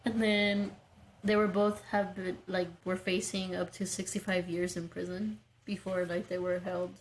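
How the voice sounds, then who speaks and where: A woman's voice: on the low side, flat delivery, a little slow, a little hiss or hum, rough recording. A woman in her twenties co-hosting a podcast, reading out a true-crime case with joking asides. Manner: reads notes with joking asides. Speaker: podcast co-host.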